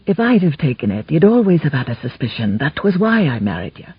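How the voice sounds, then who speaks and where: A woman's voice: low-pitched, fairly quick, breathy edge, no echo, exaggerated voice. A woman voicing a young Scottish knight speaking tenderly to his wife, with a Scottish accent, in a slightly muffled recording. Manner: tender, steady, old-fashioned speech. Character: young male Scottish knight, loving husband.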